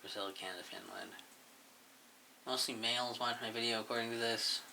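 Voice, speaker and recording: A man's voice: medium pitch, steady tone, brisk, gravelly, pushed and bright, a little hiss or hum. A man casually rambling through a look back at his own channel, mumbling and swearing offhandedly as he goes. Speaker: YouTuber reviewing his channel.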